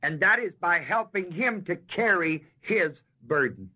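On a dull lo-fi sermon tape, a man preaches an expository sermon on a Bible passage in a folksy style, stretching out and stressing key words and putting questions to the audience. His voice sits high and is expressive and bright, with a forceful tone and a breathy edge.

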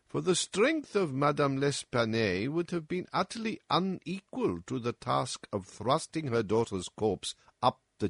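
A man voicing a calm, analytical male detective who lays out his reasoning in a measured, lecturing way, as in an audiobook. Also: on the high side, breathy edge, no room sound, clean studio sound, full character voice. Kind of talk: audiobook character reading.

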